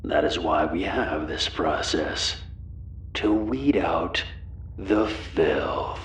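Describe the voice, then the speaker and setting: A sinister intercom voice, put on by a male narrator, speaks in very slow, deep, cold commands. The sound rings out as if through a big echoey hall. It is the menacing voice of an unseen controller in a horror story. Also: fairly bright tone, distant mic, heavily acted.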